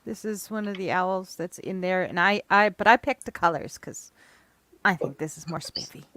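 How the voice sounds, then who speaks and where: A woman's voice: fairly low pitch, normal speed, fairly bright tone. A woman chatting with friends, hesitant and prone to restarting her sentences. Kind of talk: casual chat.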